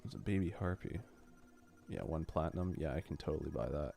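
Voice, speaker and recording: A man's voice: a bass voice, lively intonation, fairly quick, creaky, dark tone. Rambling young man streaming a game. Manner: rambling, swearing, mock exasperated exclamations. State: runny nose from allergies. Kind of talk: casual game stream chatter.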